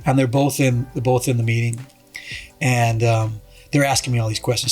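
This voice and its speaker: A man's voice: medium pitch, fairly even intonation, brisk, breathy edge, faint music behind. A man as a podcast guest, telling a rambling story in casual chat, with restarts and acted-out quotes.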